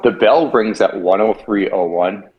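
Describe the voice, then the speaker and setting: Wry, low-voiced man co-hosting a podcast. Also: unhurried, dull audio. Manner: wry, hesitant, many fillers. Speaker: podcast co-host. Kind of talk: casual chat.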